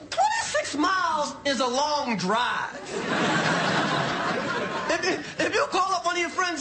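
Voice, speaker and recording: A man doing a stand-up monologue on a TV studio stage, loud and repeating his punchlines. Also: extremely high pitch, big pitch swings, unhurried, very noisy. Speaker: stand-up comedian. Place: TV studio stage with live audience. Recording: live show with loud crowd laughter. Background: audience laughing and cheering.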